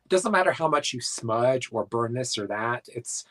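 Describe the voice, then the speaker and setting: A man from South Dakota talks about paranormal work in a casual interview. His talk rambles and is full of filler words, at a middle pitch. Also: expressive, moderate pace, fairly bright tone, poor audio. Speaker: paranormal investigator guest.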